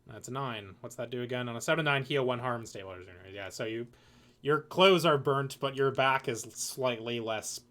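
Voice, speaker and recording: A man's voice: mid-range voice, moderate pace, fairly bright tone. Laid-back male game master, rambly, filler-heavy narration. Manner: loose, rambling, lots of fillers.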